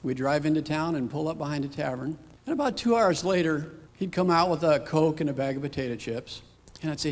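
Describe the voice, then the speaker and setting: Middle-aged dad with a gravelly voice, slow reflective storytelling, long reverb around him. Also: male voice, fairly high pitch, expressive. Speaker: father telling his story. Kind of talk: personal testimony.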